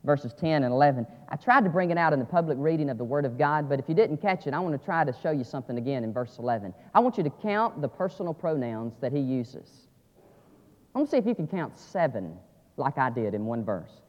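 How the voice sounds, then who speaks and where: A man preaching a sermon, dropping to quiet asides and rising to loud, emphatic climaxes. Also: animated, a little fast. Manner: swings from low asides to shouted climaxes. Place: church sanctuary. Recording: lo-fi audio with long church reverb.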